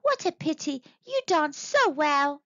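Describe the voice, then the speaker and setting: A woman voicing a small, clever female monkey in a children's storybook, coaxing and flattering in a high, sweet voice. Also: takes it slowly, no echo, lo-fi sound, exaggerated voice. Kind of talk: children's storybook read-aloud.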